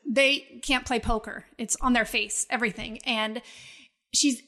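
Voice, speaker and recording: Middle-aged mom telling a story, lively, does the kids' voices, voice a bit high. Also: female voice, unhurried. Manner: animated storyteller who acts out her children's voices. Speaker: guest, mother. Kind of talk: casual storytelling.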